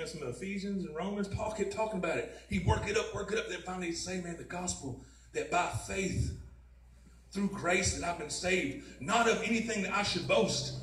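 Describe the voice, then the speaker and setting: Here a man's voice is high with a fairly bright tone. He's offering a personal testimony at a mission, chatting conversationally and repeating "man" and "you know what I mean." The clip comes from a roomy mission chapel, captured at a distance with plenty of echo.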